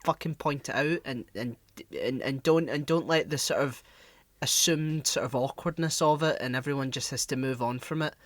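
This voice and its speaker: A man's voice: mid-range voice, moderate pace, no room sound. A man co-hosting a podcast, talking bluntly and swearing in casual chat. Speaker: podcast co-host.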